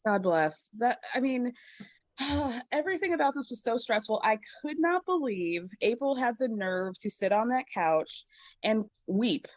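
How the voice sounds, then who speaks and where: A woman's voice: on the high side, animated, a little slow, no echo, highs cut off. A woman guest on a podcast in casual chat, ranting in an exasperated way.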